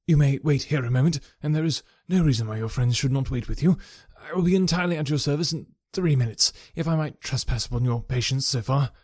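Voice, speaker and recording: A man voicing a nervous middle-aged male employer in an audiobook, with hurried, strained politeness. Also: medium pitch, a little mellow, slightly rough, no room sound, clean studio sound, natural voice. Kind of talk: audiobook character voice.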